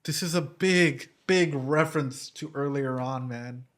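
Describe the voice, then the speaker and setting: A young man, a psychologist, giving casual, animated reaction commentary from his streaming room, swearing freely. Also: mid-range voice, measured pace. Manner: animated, swearing, emotional, laughs and nearly cries.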